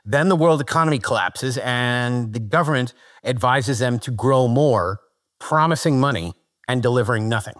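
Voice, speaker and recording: A man's voice: mid-range voice, moderate pace, fairly bright tone. A man hosting a comedic history podcast, reading out the history and polling his panel with dry asides. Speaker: podcast host.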